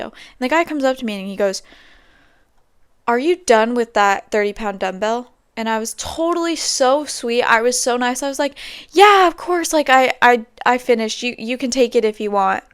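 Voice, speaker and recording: This young podcast host tells wandering, casual stories loaded with fillers. Her voice is a little high and smooth, at a moderate pace, in studio-quality audio with no room sound.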